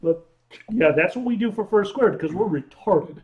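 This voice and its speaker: Excitable, swearing male comedian guest. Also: high-pitched, normal speed, phone-quality sound, background noise. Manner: loud, excitable, swears freely. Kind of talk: casual late-night livestream chat.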